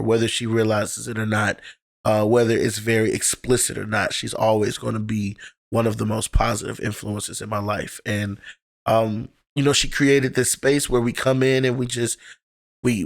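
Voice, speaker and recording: A young adult man, a poet and teacher, talking on a podcast as a guest and telling personal stories candidly and with feeling. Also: mid-range voice. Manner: candid, heartfelt storytelling with casual profanity. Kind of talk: casual podcast conversation.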